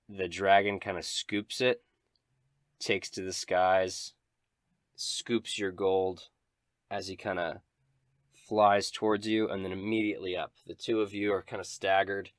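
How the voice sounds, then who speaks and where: Deep-voiced man running a tabletop game. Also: clean tone, no echo, studio quality. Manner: descriptive, dramatic narration. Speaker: game master.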